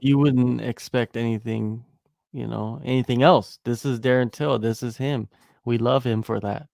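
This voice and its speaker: A man co-hosting a podcast in casual chat, animated, riffing on jokes and repeating lines for emphasis. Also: mid-range voice, normal speed, gravelly, no echo, studio quality. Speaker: podcast co-host.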